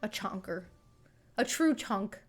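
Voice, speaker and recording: A woman's voice: medium pitch, lively intonation, slow pace, soft background music. A woman in her thirties chatting casually and fondly on a home livestream, bubbly and talkative. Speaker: streamer.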